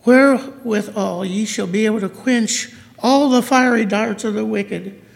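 Male church speaker, slow emotional sermon, gravelly, long hall reverb. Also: high-pitched.

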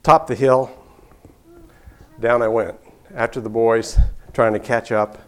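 A man's voice: mid-range voice, fairly even intonation, slow pace, fairly bright tone. Older man telling a story with chuckles. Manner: easygoing, chuckling, frequent restarts. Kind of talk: personal storytelling.

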